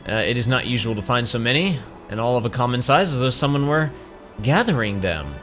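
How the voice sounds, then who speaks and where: A man voicing a calm, solemn woman of the wood, speaking low and slow. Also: faint music behind, close to an everyday voice. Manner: low, slow, hushed and measured.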